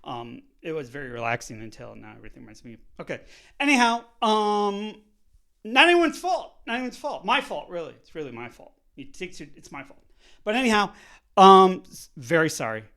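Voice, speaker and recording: Animated man telling a story. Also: sits high, a little fast. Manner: animated, swearing, swings loud and soft, laughs often. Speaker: vlogger. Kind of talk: casual storytelling monologue.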